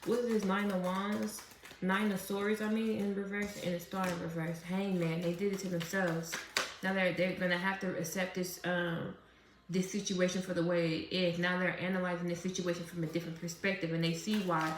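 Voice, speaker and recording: A woman with a lowish voice chats her way through a casual tarot reading, blunt and salty, laughing often. Her voice rings a little in a roomy space. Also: little pitch movement, normal speed, background noise. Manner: chatty, profane, laughs often. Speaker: tarot reader. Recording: roomy echo.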